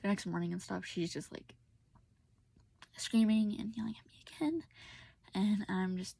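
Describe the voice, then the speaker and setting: A woman's voice: mid-range voice, steady tone, moderate pace, vocal fry, mellow, breathy edge, no echo. A young woman telling a personal story in a casual, venting way, often dropping to a whisper and close to tears. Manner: casual, venting, many fillers, drops to whispers. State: tearful.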